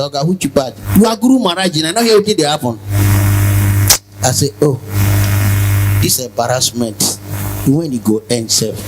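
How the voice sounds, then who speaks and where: A man with a Nigerian Pidgin accent giving a spoken testimony as a devotee, telling his story in an animated way, acting out the dialogue and sometimes chanting. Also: on the high side, rough recording. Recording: loud music in background.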